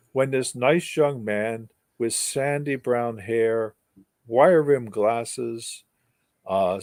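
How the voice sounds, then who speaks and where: A man's voice: mid-range voice, a little mellow, no room sound, studio quality. An older man telling a long story with wry humor and emphatic repetition, as a guest speaker. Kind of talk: storytelling in an interview.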